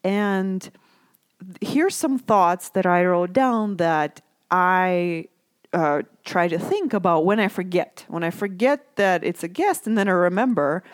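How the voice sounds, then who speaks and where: Gentle, chatty woman in a dry room. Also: fairly low pitch, slow, no room sound. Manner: gentle, conversational, often asks "right?". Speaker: mom talking about self-care. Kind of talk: casual reflective talk to listeners.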